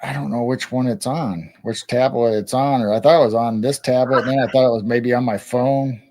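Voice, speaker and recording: An easygoing man in his sixties hosts a late-night live stream. He rambles casually from one thought to the next, chuckling as he goes, in a voice of ordinary pitch. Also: steady tone, a little fast, dark tone. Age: 60s.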